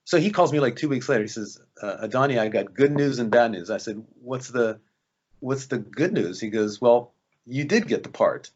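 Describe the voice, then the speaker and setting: A man's voice: mid-range voice, moderate pace, breathy edge, lo-fi sound. A man, an actor guest, telling anecdotes in a casual interview and acting out the voices of people he quotes. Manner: animated, acts out quoted voices.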